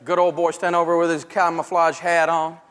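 A middle-aged man giving a humorous, animated finance lecture to a live audience in a large echoing hall. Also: on the high side, a little fast, a faint crowd. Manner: animated storyteller. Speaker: financial teacher. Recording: long echo of a large hall.

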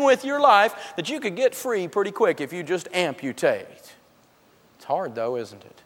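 A man with a bright, high-pitched voice leads a live money class, an animated storyteller who chuckles through his own jokes. His voice carries a long reverb, as if it were filling a big lecture hall. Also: normal speed. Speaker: personal finance teacher and radio host. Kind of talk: humorous live seminar teaching.

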